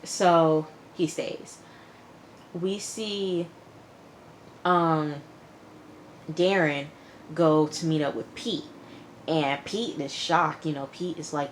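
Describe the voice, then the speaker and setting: A woman with a low voice chatting through a TV episode recap. She retells each scene in her own words, tossing in blunt asides to the viewer. Faint background hum runs under her voice. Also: fairly even intonation, drawn-out words, long pauses. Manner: chatty retelling, quotes characters with "he was like". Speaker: TV show reviewer.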